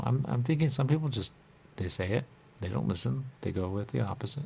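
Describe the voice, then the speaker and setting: A man's voice: fairly low pitch, moderate pace, creaky, dark tone, a little hiss or hum. A man talking on in a rambling, repetitive monologue as a radio show host, looping back to the same catchphrases.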